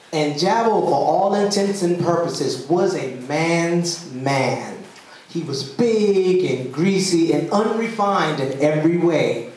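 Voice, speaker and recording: A man's voice: a little high, a little mellow. A man from the rural US South performing a story at a live poetry slam, with comic timing. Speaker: spoken word poet. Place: club venue, indoors. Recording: roomy live venue heard from a distance.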